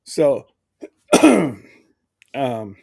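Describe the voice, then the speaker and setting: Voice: mid-range voice, drawn-out words, warm tone. A livestream host chatting casually, rambling and laughing often while greeting viewers by name.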